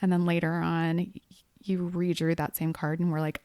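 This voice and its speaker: Woman, podcast co-host, relaxed chatty explainer, lower voice, dry sound. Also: normal speed, dry recording. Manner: explains tarot in an easy, chatty way with laughs. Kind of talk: casual podcast chat.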